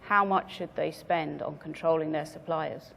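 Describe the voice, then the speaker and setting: A woman speaker giving a measured business presentation to a conference audience, stressing her key words. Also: deep voice, steady tone, gravelly, fairly bright tone, big-room sound, a little hiss or hum. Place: conference venue.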